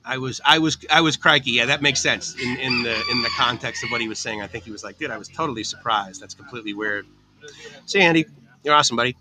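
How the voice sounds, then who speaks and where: A man's voice: mid-range voice, fast talker, rough recording. A man hosting a casual livestream from a cafe, chatting upbeat with viewers and answering their comments by name. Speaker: livestream host. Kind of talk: casual live chat reading viewer comments. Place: outdoor cafe on a tropical island.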